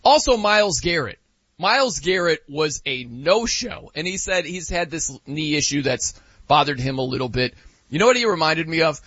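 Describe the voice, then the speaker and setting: A man's voice: a little high, expressive, normal speed, a bit bright, husky, dry recording, dull audio. A man hosting a sports talk show, joking and emphatic as he gives his opinions.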